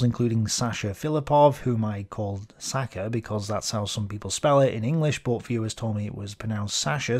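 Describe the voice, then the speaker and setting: A man at a middling pitch narrating a scripted history video. He explains each point steadily and drops in the odd dry aside. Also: darkish tone.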